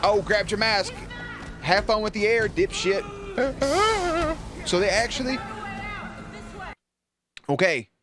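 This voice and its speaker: A man reacts to a show with loose, profane commentary and cheers at the screen. His voice sits a little high and swings widely in pitch, jumping up whenever the action heats up. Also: very animated, slow, long pauses, music in the background, crowd noise. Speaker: reaction video host.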